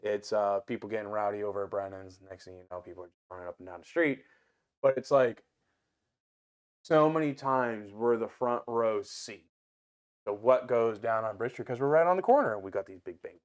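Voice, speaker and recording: A man with an Ohio accent, a restaurant owner and guest, telling stories in an animated, casual way and swearing freely. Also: fairly low pitch, normal speed. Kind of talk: casual storytelling.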